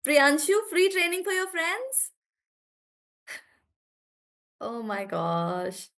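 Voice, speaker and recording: A woman's voice: sits high, very animated, slow pace, a bit bright. A young woman teaching an online class, thinking aloud as she checks words and encourages students. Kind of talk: live online class, coaching students on syllables.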